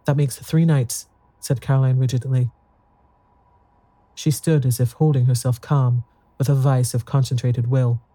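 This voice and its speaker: A narrator reading a ghost story aloud in a measured storytelling manner. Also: mid-range voice, flat delivery, dark tone, no room sound.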